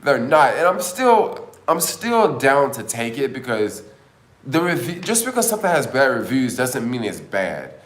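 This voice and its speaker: A man's voice: mid-range voice, very animated, moderate pace, a bit bright, reverberant. A man hosting a casual livestream, chatting and rambling with lots of filler words. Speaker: livestream host.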